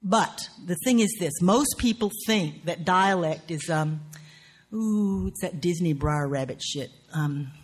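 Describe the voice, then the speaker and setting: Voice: medium pitch, a little slow, husky. A writing teacher with a Southern US accent, lecturing on craft in an earthy, profane, wry way with folksy grammar.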